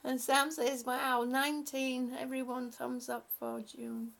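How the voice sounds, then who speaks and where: A woman's voice: high voice, flat delivery, a little slow, gravelly, a bit bright. A woman on a live stream reading out viewer comments and thanking them, emotional and laughing often, a little short of breath.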